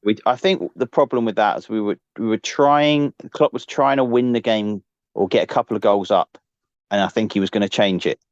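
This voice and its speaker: Low-voiced man joking on a podcast. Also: fairly quick, no room sound, muffled recording. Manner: jokey, teasing, chatty. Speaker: podcast co-host. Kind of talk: casual football chat. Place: lives in Liverpool.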